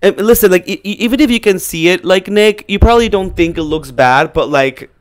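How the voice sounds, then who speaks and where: A man co-hosting a podcast, talking in an emphatic, campy, expressive way. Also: high-pitched, brisk. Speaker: podcast co-host. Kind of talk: casual chat.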